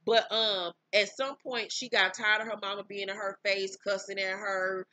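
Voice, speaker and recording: Blunt, bright-voiced woman host. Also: medium pitch, little pitch movement, moderate pace, dry recording, low-quality recording. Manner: blunt, candid, profane storytelling. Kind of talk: casual recap of a reality show.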